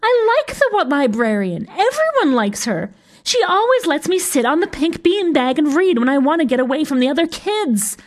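Shy, mournful child witch, high and whining, voiced by a woman. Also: big pitch swings, normal speed, darkish tone. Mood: wailing. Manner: whiny and sniffling. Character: timid, mournful young girl witch.

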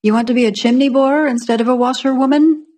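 A woman's voice: high-pitched, steady tone, fast, darkish tone, pitched above the performer's own voice, lightly acted. A woman reading as a cheerful craftsman. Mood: good-natured. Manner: cheerful, teasing. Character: good-natured middle-aged man, a craftsman.

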